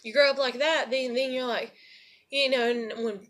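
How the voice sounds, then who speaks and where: Young woman ranting to camera, cusses a lot, high pitched and kinda sharp. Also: fairly even intonation, moderate pace. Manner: profane, rambling and heated. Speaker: single mother. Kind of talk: personal venting monologue.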